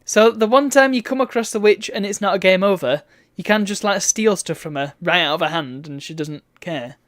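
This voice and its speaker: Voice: medium pitch, a little fast, a bit bright, no echo. A streamer giving wry, bemused commentary while reading a game's text aloud. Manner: wry, bemused asides between read-out lines.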